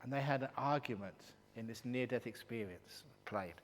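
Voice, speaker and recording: Jokey monk teaching in a reverberant hall. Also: male voice, medium pitch, normal speed. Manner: animated, jokey storytelling. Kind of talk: dharma talk at a retreat. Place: meditation retreat hall. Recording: long hall reverb, faint hum.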